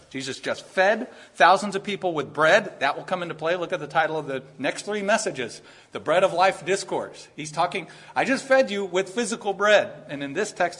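A man's voice: on the high side, bright, forceful tone, husky. A man preaching a sermon in an earnest, conversational way, rising to emphatic points. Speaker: pastor.

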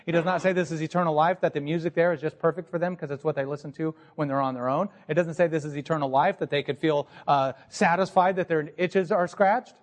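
A man's voice: on the high side, fairly even intonation, fast, hardly any pauses. A man preaching a sermon from the pulpit in a church, teaching in an earnest tone and asking rhetorical questions. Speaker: pastor. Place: church sanctuary.

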